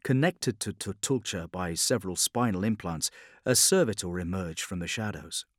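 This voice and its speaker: A man narrating a science fiction audiobook in a measured, grave storytelling manner. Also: low-pitched, no echo, clean studio sound. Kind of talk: scripted dramatic narration.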